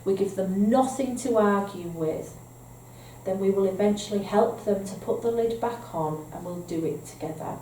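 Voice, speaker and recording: A woman speaks at a moderate pace with a medium pitch and dark tone, in a Northern English accent. Presenting to foster carers, she explains things patiently and keeps asking "okay?". There's slight background noise, faint ambience, an echoey room and a distant mic.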